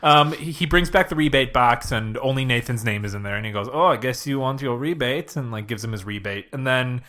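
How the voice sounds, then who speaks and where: A man's voice: medium pitch, a little fast, a bit bright. A young man co-hosting a casual podcast, retelling TV scenes and mimicking the lines with laughs. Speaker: podcast co-host. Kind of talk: casual chat.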